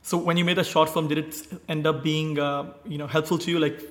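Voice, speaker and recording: A man interviewing a guest, asking quick questions between brief backchannel replies. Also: a little high, level tone, in a large hall. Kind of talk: conversational interview.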